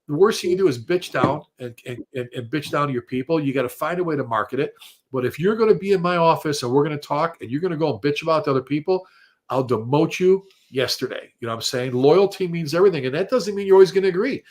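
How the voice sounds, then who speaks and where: A man's voice: fairly high pitch, quick pace. A man, a retired fire chief, telling blunt, salty stories on a casual panel and acting out the voices of the people he quotes. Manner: animated storyteller who acts out quoted voices.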